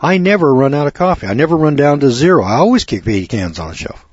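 Husky folksy radio host man. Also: fairly high pitch, expressive, fast talker, dry recording. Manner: preachy, rambling, rising to emphatic lecturing. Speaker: radio talk show host. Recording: dull lo-fi dry radio audio.

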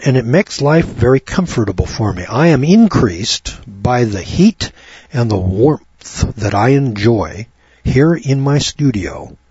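Rural Bible teacher, a chatty man, husky, recorded dry and a bit muffled. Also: medium pitch, a little mellow, no echo. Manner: folksy, chatty, addresses listeners by name. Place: home studio on a rural property.

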